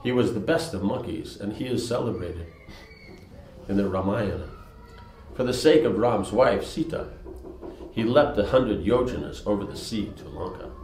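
Man reading proud warrior prince, forceful, commanding, lowish voice, roomy echo. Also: lively intonation, moderate pace, a little hiss or hum, natural voice.

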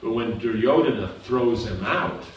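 A man's voice: medium pitch, moderate pace, dull audio. Echoey, distant man teaching scripture. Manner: patient, explaining with repeated checks for understanding. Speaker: spiritual teacher. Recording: echoey room recorded from afar with background noise.

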